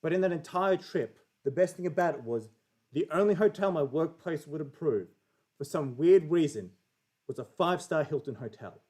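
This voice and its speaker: A man's voice: fairly high pitch, lively intonation, normal speed, darkish tone, breathy edge. Chatty, foul-mouthed Australian man. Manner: chatty, profane, jokey storytelling. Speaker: livestream guest. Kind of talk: casual chat and storytelling.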